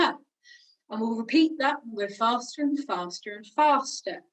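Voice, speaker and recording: A woman's voice: fairly high pitch, expressive, measured pace, recorded from a distance, low-quality recording. A young woman teaching singing, chatty and encouraging, demonstrating each sound. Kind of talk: online vocal warm-up lesson.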